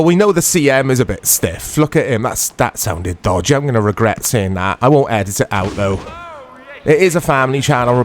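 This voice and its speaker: A man's voice: mid-range voice, slight background noise. A man hosting a retro gaming channel, giving chatty, self-deprecating commentary to viewers as he plays. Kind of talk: casual gameplay commentary.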